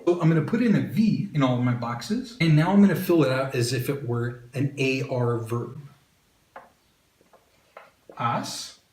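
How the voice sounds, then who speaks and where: Upbeat man teaching in a roomy space. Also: medium pitch. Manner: upbeat, joking asides to the viewer. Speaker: Spanish teacher. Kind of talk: video lesson. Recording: roomy echo.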